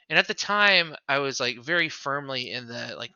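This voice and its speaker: A man's voice: medium pitch, animated, brisk, hardly any pauses, bright, forceful tone, smooth, no echo, muffled recording. A man co-hosting a podcast in casual chat, rambling with lots of fillers. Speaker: podcast co-host.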